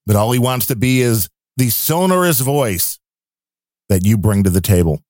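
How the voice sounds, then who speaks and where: A man's voice: mid-range voice, lively intonation, normal speed, darkish tone, no echo, studio quality. A man hosting a podcast in casual chat, telling stories in a playful, upbeat way. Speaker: podcast host.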